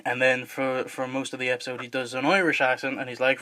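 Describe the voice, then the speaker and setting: A man's voice: mid-range voice, little pitch movement, quick pace, bright, forceful tone. A young adult man hosting a podcast in casual chat, joking, laughing often and swearing freely. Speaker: podcast host.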